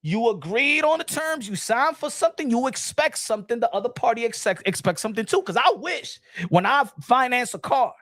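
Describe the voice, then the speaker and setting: High-voiced man ranting about boxing. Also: brisk, no room sound, clean studio sound. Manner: animated and repetitive, many restarts and rhetorical questions. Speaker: boxing commentator. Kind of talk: casual commentary.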